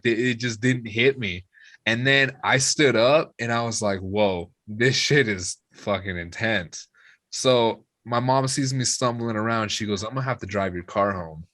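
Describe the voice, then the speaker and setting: In a dry recording, a young man with a fairly low-pitched voice, there as a musician guest, tells a boisterous tale of drinking, cursing liberally and acting out each person he quotes with lively energy.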